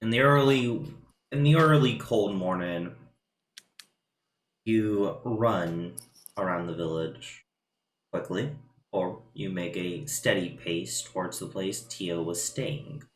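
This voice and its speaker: Slow, halting game master in an echoey room. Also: male voice, low voice. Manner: slow, halting narration with sound effects. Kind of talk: narrating a tabletop game.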